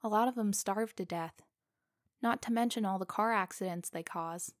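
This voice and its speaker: A woman voicing a big, brash male hunter who talks in a blunt, casual, slightly gruff way. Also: mid-range voice, moderate pace, no echo, studio quality, lightly acted.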